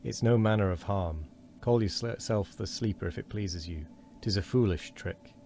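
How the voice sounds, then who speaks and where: A man with a very deep voice reading the lines of a wheezy, doubting old man who grumbles and pleads by turns. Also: normal speed, dark tone, a little hiss or hum, lightly acted. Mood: pleading.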